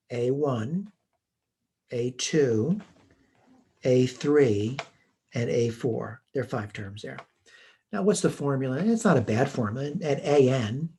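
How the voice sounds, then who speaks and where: In a recorded math class, an instructor plainly solves homework problems one step at a time. His voice is medium in pitch, darkish and husky, picked up by a computer mic as he writes on a tablet.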